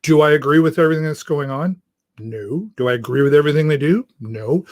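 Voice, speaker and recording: A man hosting his own show delivers an earnest, halting monologue straight to viewers and keeps restarting mid-sentence. His voice sits a little high for a man. The sound is dry and close, with almost no room in it. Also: lively intonation, no echo. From Canada. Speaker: talk show host. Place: church.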